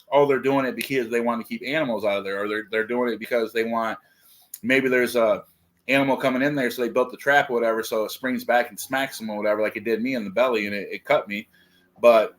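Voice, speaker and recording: A man's voice: medium pitch, a bit bright. Casual male co-host, rambling, filler-heavy talk. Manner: rambling, filler-heavy, says "like" and "dude" often. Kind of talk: casual livestream chat.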